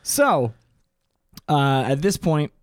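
A podcast co-host with a fairly high, sing-song voice chats casually, joking and telling a story in a laid-back way at an extremely slow pace. The recording is dry and studio-clean.

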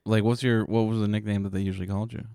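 A man's voice: lowish voice, level tone, very fast, gravelly, mellow, smooth, no echo, clean studio sound. A man hosting a podcast, chatting casually and teasing his co-host playfully. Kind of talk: casual banter.

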